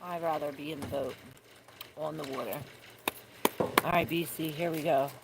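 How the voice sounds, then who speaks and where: A tarot reader with a deep voice and fairly even intonation talks at a moderate pace, rambling casually as she reads cards outside. Rain fills the noisy recording. She gropes for words now and then and swears without much thought.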